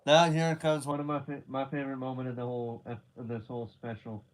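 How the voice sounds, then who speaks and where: A man doing live watch-along commentary, reacting excitably with slangy "dude" and "bro" asides and casual swearing. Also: medium pitch, fast talker. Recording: dull lo-fi stream audio.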